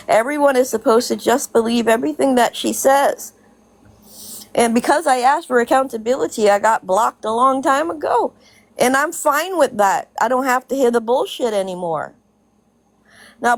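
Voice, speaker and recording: A woman's voice: on the high side, dry recording. A woman in a casual vlog rant, blunt and profane, repeating her points for emphasis and laughing between them. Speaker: social media commentator.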